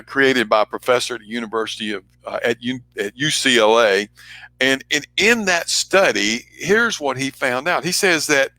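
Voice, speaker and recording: A man's voice: mid-range voice, no echo. Earnest man giving a motivational talk. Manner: earnest, emphatic, varies loudness and pace for effect. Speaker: speaker and trainer.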